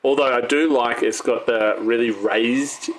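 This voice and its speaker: A man's voice: medium pitch, fairly even intonation, a little slow. Teasing man co-hosting. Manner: dry teasing banter, leads topics. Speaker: podcast co-host. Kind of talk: casual chat.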